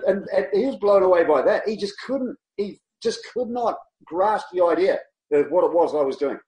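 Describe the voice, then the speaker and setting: A man tells his travel stories with animation, his voice sitting a little high for a man. The room around him rings with a noticeable echo. He laughs easily and slips into the voices of people he met. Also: lively intonation, moderate pace, darkish tone. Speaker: guest, long-distance cyclist. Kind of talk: casual storytelling interview. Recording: roomy echo.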